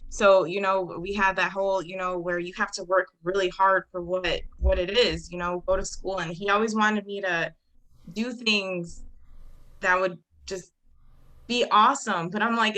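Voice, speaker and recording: A woman's voice: medium pitch, fairly even intonation, moderate pace, bright, forceful tone, poor audio. A woman talking as a podcast guest, reflective and a bit hesitant, with many fillers. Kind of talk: casual podcast chat.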